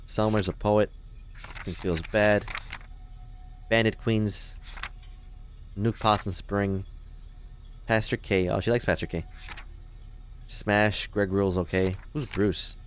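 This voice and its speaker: A young man from Chicago in the US Midwest hosts a let's play, casually joking and talking back to the game characters. He speaks slowly in a voice on the low side with fairly even intonation, pausing often, and there's a little hiss or hum in the recording.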